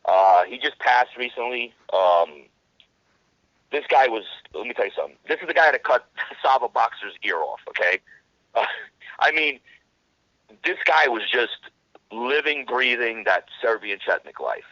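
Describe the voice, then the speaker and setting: A man's voice: mid-range voice, lively intonation, a little slow, pushed and bright, no room sound, muffled recording. A man guest in an interview, telling a war story in blunt, profane language and often restarting his sentences. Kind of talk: casual storytelling.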